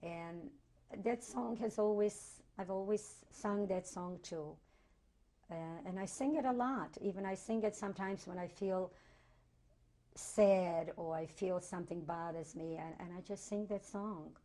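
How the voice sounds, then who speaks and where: Older woman in her sixties, Holocaust survivor, reflective and tender, repeats words for emphasis, warm and mellow tone. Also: mid-range voice, a little slow. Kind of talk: oral history interview.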